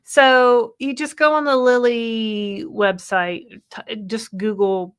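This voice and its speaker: A woman's voice: a little high, fairly even intonation, takes it slowly, clean tone. A woman in her fifties co-hosting a live chat stream, reading viewer comments aloud, chatty and laughing often. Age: 50s. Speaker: co-host of a livestream.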